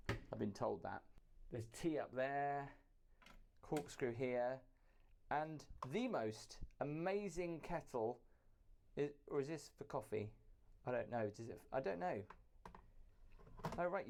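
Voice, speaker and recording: A man's voice: mid-range voice, a little mellow, a little hiss or hum. A British man streaming a casual tour, chatty and marveling at what he finds. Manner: wide-eyed, marveling, chatty. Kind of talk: casual touring commentary.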